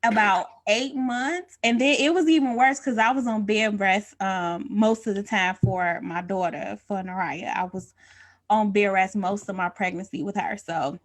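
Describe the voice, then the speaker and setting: A woman's voice: medium pitch, normal speed. Woman cohosting a livestream, chatty storyteller, laughs a lot, easygoing slangy talk. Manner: informal, colloquial speech. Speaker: co-host of a live-streamed talk show. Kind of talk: casual livestream chat.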